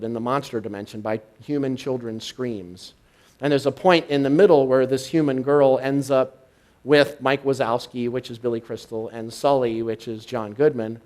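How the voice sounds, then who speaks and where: A male minister giving a live sermon, swinging from hushed and intimate to loud and excited. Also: mid-range voice. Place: church service, live.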